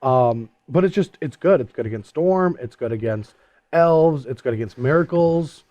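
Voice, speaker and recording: A man co-hosting a casual post-match chat, animated and quick to laugh. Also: medium pitch, dry recording, dull audio. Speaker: co-host.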